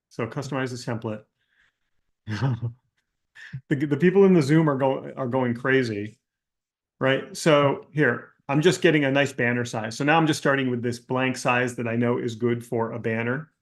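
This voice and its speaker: A man coaching an online class in a live Q&A, ranting with exasperation and mimicking people in mocking quotes, then walking through a screen-share demo. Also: mid-range voice. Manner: calmer screen-share tutorial delivery. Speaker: business coach hosting a live Q&A.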